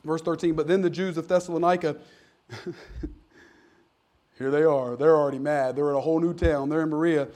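A male pastor preaching a sermon in a conversational, storytelling way, joking with the congregation and rising to sudden loud, emphatic peaks. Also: fairly high pitch, fairly even intonation, normal speed, pauses often. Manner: jokes with the congregation.

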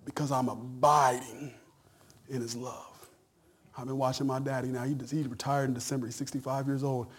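A middle-aged male pastor preaching a sermon in a conversational, folksy way, stammering and then rising to loud shouted peaks. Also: medium pitch, little pitch movement, moderate pace, breathy edge.

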